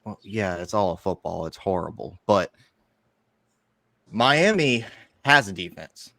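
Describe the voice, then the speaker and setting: A young man co-hosting a sports podcast, giving measured predictions with some restarts. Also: low voice, lively intonation, vocal fry, fairly bright tone, no echo, clean studio sound. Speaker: podcast co-host. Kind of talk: casual sports analysis.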